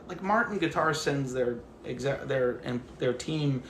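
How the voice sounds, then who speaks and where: A mid-range male voice speaks a little slowly in an echoey room with slight background noise. He hosts a casual, ranting phone livestream while walking his dog. His storytelling is animated, with quotes acted out and free swearing.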